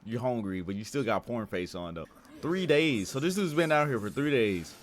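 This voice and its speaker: A man hosting an anime reaction video, talking casually and excitably with frequent swearing and laughter. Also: medium pitch, moderate pace. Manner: excitable, profane, laughs often.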